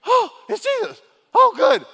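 A man playing a frightened disciple man in a boat, yelping in a high, loud voice. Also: expressive, moderate pace, big-room sound. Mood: panicked. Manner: yelping, shrieking.

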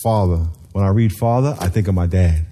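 A man's voice: sits low, brisk. A middle-aged man preaching a sermon in a church, calling on the congregation to repeat words back and acting out the people he quotes. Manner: lively, calls for congregation responses, acts out quotes. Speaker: pastor.

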